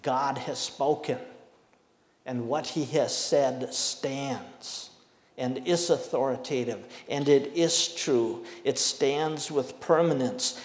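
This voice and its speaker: A man preaching a sermon, emphatic, with slow deliberate stresses and dramatic pauses. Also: medium pitch. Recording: echoey hall with long reverb.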